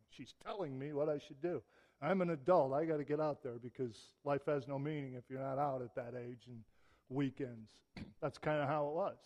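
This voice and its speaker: A man's voice: mid-range voice, a little mellow. Storytelling male preacher in a reverberant church. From Michigan, US. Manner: conversational storytelling with emphatic rises. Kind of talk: sermon.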